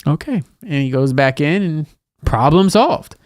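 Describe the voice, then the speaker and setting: This is studio-quality audio with no room sound: a man in his thirties, voice a little high and unhurried. He's co-hosting a podcast in a lively, casual chat about parenting, even acting out a raised-voice scolding of a child.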